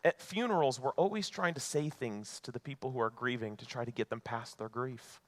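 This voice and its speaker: A male pastor preaching a sermon in an earnest way, moving between emphatic lines and hushed ones. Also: medium pitch, brisk.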